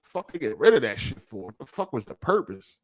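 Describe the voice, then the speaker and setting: A man's voice: medium pitch, sing-song, fairly quick. Profane, ranting male streamer. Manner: frustrated, swearing, slangy. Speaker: podcast host and streamer. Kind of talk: casual profane rant. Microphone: streaming setup over a weak connection.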